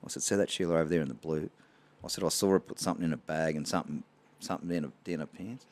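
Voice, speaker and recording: A man's voice: rumbling low, rapid-fire. An Australian man telling a funny story on a podcast, laughing as he goes. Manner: animated, laughs through his own story. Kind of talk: casual storytelling.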